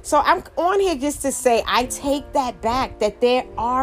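A woman's voice: sits high, lively intonation, unhurried, soft background music. A middle-aged woman vlogging, telling a story in a rambling, emphatic way, full of asides and restarts. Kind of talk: casual storytelling monologue.

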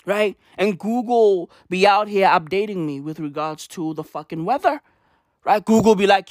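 A man ranting casually to camera, profane and animated, tossing in "bruv" and "right?" constantly. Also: sits high, unhurried, dry recording, studio quality. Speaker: vlogger. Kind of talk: casual comedic rant to camera.

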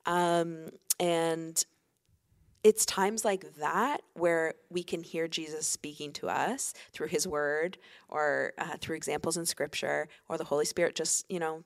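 A woman's voice: deep voice, steady tone, unhurried. A woman pastor, a guest on a faith podcast, talking earnestly and reflectively with frequent fillers.

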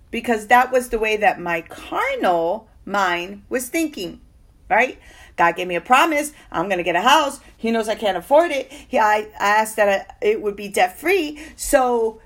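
A woman's voice: fairly high pitch, unhurried. A woman giving a personal faith testimony, telling her story expressively and acting out what people said. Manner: emotional, expressive storytelling with acted-out quotes. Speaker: testimony speaker.

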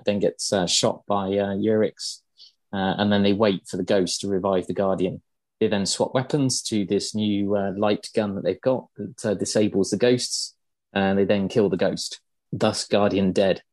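A man's voice: fairly low pitch, a little mellow, no room sound. A man hosting a podcast, casually explaining game lore with many ums and uhs. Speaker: podcast host.

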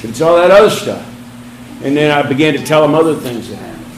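Animated man telling a faith story. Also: fast talker. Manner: animated storyteller, acts out quoted voices with big pitch jumps. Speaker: speaker telling a testimony. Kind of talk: storytelling testimony. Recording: roomy with faint ambient noise.

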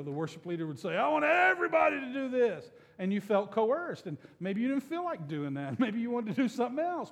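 A man's voice: a little high, darkish tone, big-room sound. A male pastor giving a conversational, joking sermon that coaxes his congregation to join in. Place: church sanctuary.

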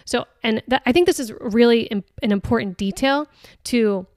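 A fairly high-voiced woman talks through a book on her podcast in a casual, earnest way. She stops and restarts often and leans on filler words. Her voice sounds smooth and close, with a dry, unechoing sound. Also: moderate pace, darkish tone, dry recording. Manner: hesitant, many restarts and "like" fillers; earnest and chatty. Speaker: podcast host. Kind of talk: casual reflective talk on a book.

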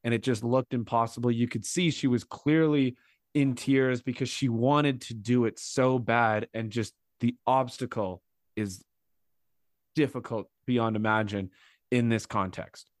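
A man hosting a podcast, retelling a TV challenge in a rambling, animated play-by-play way. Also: medium pitch, measured pace, dry recording, clean studio sound. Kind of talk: casual podcast recap.

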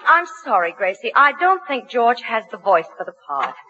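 A woman's voice: on the high side, big pitch swings, moderate pace. A woman appearing as a guest actress in a 1940s radio comedy, patient and wry. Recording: muffled old radio recording with reverb and hiss.

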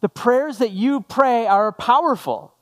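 A man's voice: extremely high pitch, animated, a little slow. A man preaching a sermon as a pastor, talking conversationally and putting questions to the congregation.

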